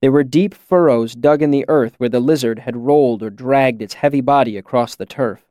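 A man narrating a novel as an audiobook, with measured and even storytelling. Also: medium pitch, no echo, studio quality. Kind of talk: scripted narration.

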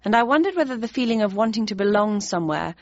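A woman's voice: mid-range voice, lively intonation, fast talker, no echo, highs cut off. A woman reading a novel aloud as narrator, in a dry, wry first-person storytelling manner. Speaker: audiobook narrator. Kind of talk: scripted narration.

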